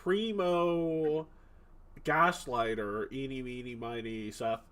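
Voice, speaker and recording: A man's voice: medium pitch, takes it slowly, a bit bright. A man hosting a tabletop game stream as game master, joking and rambling with fillers.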